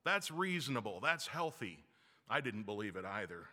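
A man delivers a sermon from the pulpit, his voice bright and forceful. He preaches with animation and a wry, self-deprecating humor. The sound carries a long reverb, as in a large church sanctuary. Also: fairly low pitch, big pitch swings, normal speed. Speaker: pastor.

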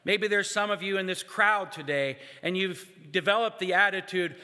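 A man preaching a sermon, speaking in measured phrases with pauses and rhetorical questions to his congregation. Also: high voice, pushed and bright. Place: church sanctuary. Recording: echoey church hall with long reverb.

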